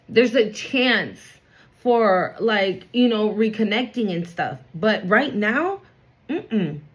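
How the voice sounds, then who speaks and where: A woman's voice: a little high, lo-fi sound. Blunt, chatty woman giving a spiritual reading. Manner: blunt, chatty, swears freely. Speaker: spiritual card reader. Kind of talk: casual spiritual reading to camera.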